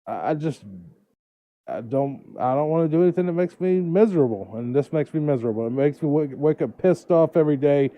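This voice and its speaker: A man's voice: on the high side, brisk, no room sound. A man talking about his frustrations in a complaining way. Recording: tinny phone-like audio.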